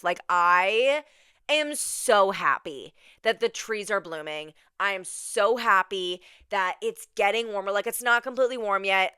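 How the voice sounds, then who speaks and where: A woman's voice: medium pitch, bright, forceful tone, smooth, no echo, studio quality. A young woman hosting her own podcast from an indoor room, chatting casually and gushing, with lots of "like" and "you guys". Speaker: podcast host. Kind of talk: casual solo podcast chat.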